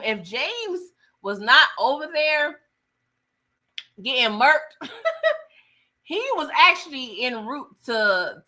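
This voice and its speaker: A woman talks through a TV episode in a chatty, slangy recap. Her voice sits a bit high and sounds bright and forceful, and she keeps up an animated running commentary. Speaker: TV recap host. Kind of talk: casual recap monologue.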